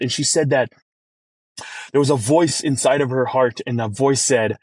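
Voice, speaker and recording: A chef talking as a podcast guest, telling an emotional family story earnestly, with many restarts. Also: male voice, normal speed, slightly rough, no room sound. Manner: earnest, many restarts, rises in pitch when moved.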